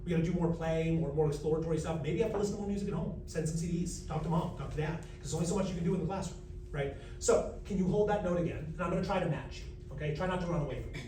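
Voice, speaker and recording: An American man, a vocal coach, teaching a live workshop, joking with the room and demonstrating pitches and animal sounds. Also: very fast, warm tone. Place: large room with an audience. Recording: roomy, distant mic, faint noise.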